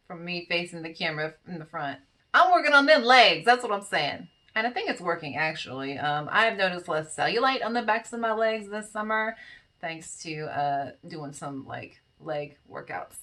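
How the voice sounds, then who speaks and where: A woman vlogger with a bright voice, chatting casually over pictures. She sounds tired but stays playful, teasing and talking straight to the cats as if they could hear her. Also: medium pitch.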